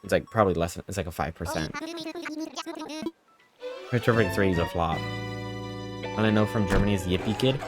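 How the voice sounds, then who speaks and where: Woman, very deep voice, casual streamer chat, joking, game music behind. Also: brisk, long pauses. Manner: joking, chatty, reacting to chat.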